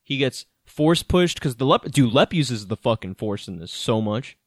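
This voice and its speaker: Male podcast co-host, mid-pitch, animated and profane, dry close-mic recording. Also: moderate pace, no room sound. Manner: animated, swearing, laughs often. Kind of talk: casual movie recap chat.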